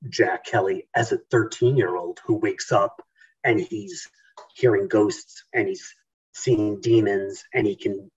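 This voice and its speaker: A male author talking in an interview, halting, with many fillers and restarts. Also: fairly low pitch, husky, distant mic, highs cut off. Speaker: author guest. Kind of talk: casual interview talk.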